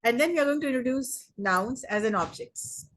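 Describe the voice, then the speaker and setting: A young Indian woman teaching an online English grammar lesson, slowly repeating words and sentences for emphasis. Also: sits high, animated, a bit bright.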